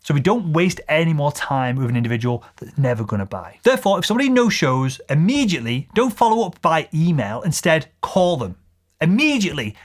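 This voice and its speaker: Lively, assertive male sales trainer. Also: a little high, a little fast. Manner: assertive, emphatic coaching. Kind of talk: instructional video.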